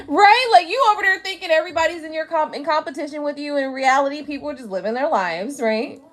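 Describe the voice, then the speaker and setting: Running a tarot live stream from her tablet's camera mic, a woman lies down at home a bit drunk and talks fast with few pauses in a high, fairly bright voice. She's casual, blunt and chatty, swearing a lot and laughing often.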